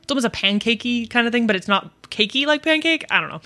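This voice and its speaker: A woman's voice: a little high, expressive, fast, pushed and bright, dry recording. A young adult woman co-hosting a casual podcast chat, with dry, wry remarks. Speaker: podcast co-host.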